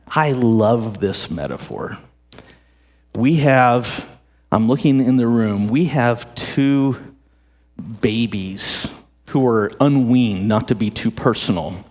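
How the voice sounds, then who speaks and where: A married man preaching a sermon to a church congregation, animated and jokey, often repeating and restarting his phrases. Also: mid-range voice, slow. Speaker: pastor. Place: church sanctuary. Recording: long hall reverb.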